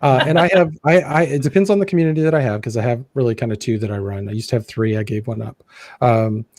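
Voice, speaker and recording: A man's voice: mid-range voice, quick pace, darkish tone, dry recording. An American man hosting a live online chat, talking casually and rambling as he corrects himself. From United States. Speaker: livestream host.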